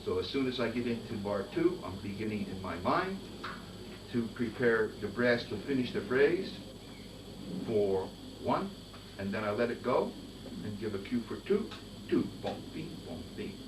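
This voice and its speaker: A man leading a band master class, giving brisk directions and singing rhythms in nonsense syllables to demonstrate. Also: fairly low pitch, lively intonation. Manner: sings rhythms in nonsense syllables while explaining. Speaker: conductor teaching a master class. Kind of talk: band rehearsal instruction. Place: rehearsal room with a band. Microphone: distant recorder. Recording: echoey room, far from mic, noisy.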